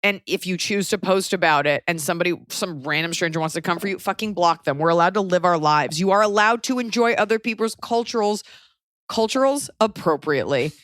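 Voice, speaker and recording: A woman hosting a podcast, giving blunt, profane, animated advice in casual chat. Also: on the low side, fairly quick, no echo, clean studio sound. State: pregnant. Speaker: podcast host.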